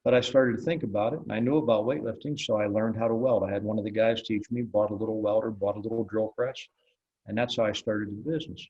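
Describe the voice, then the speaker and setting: A man's voice: fairly low pitch, steady tone, quick pace, darkish tone, lo-fi sound. An older man, an interviewed blacksmith, telling stories in a wry, folksy way, acting out the dialogue. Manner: folksy, wry storyteller who acts out dialogue. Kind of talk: relaxed storytelling in an interview.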